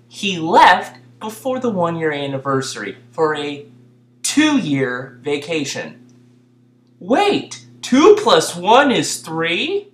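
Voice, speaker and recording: A sarcastic young man narrates a comedic movie review, cursing freely and yelling the same gag over and over. His pitch swings up and down a lot, and the recording has a roomy echo. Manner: sarcastic, swears, breaks into repeated yelled gags. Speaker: video reviewer.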